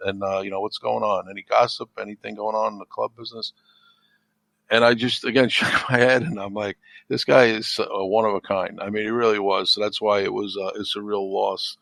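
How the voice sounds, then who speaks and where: A middle-aged man talks casually on a podcast in a fairly low voice. He rambles, repeats himself and gets animated as he retells stories. The recording is close and dry. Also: brisk, vocal fry, dry recording. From United States. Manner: rambling, repeats words when emotional, animated when telling stories. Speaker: podcast guest. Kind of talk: casual chat.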